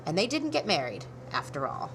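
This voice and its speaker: A woman reading a children's storybook aloud, with expressive, animated narration. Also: low voice, a little fast, noisy background. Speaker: storybook reader.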